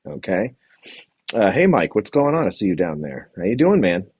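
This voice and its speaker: A man's voice: sits low, big pitch swings, normal speed, slightly rough, no room sound, dull audio. A man hosting a casual livestream recap, rambling and chatty as he reads from his notes and greets the chat. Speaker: podcast host recapping a reality show.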